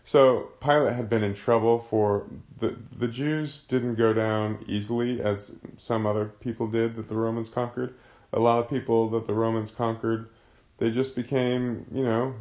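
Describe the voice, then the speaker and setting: A man's voice: fairly low pitch, darkish tone, muffled recording. A man teaching a casual Bible study, explaining a passage in a conversational way.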